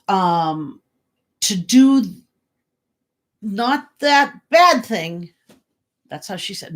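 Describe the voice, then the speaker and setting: Woman, psychic medium, slow, halting speech, lots of fillers and repeats. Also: lowish voice, breathy edge. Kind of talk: livestream reading, casual chat.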